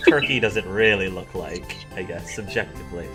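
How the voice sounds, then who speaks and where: A man's voice: low voice, fairly quick, bright, forceful tone. A man narrating as game master of a tabletop game, rambling and restarting his sentences, with faint music behind. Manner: rambling, full of fillers and restarts.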